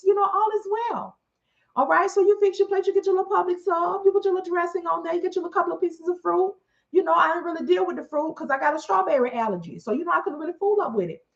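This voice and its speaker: A woman telling a long story in a casual, animated way, acting out what other people said. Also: extremely high pitch. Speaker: storyteller host. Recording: muffled lo-fi recording.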